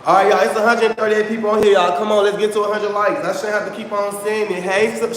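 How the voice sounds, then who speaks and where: A man's voice: high voice, little pitch movement, quick pace, hardly any pauses, reverberant, in a large hall, a little hiss or hum. A man hosting his own livestream in casual chat, talking straight to his viewers and repeating himself often. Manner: chatty, repeats himself, addresses viewers as y'all. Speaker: livestream host.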